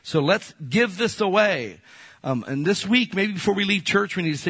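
Husky-voiced pastor preaching a sermon. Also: male voice, sits high, sing-song, fairly quick. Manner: conversational preaching, emotional swings from loud to soft. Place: church.

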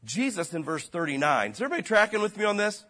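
A pastor preaching a sermon in a casual, slangy way, his voice dropping low and then rising loud. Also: very animated, fast talker.

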